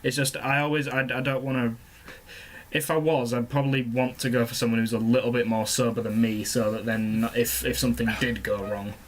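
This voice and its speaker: A man's voice: mid-range voice, little pitch movement, brisk, a little hiss or hum. Earnest, rambling young man co-host. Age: young adult. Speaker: podcast co-host. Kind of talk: casual chat.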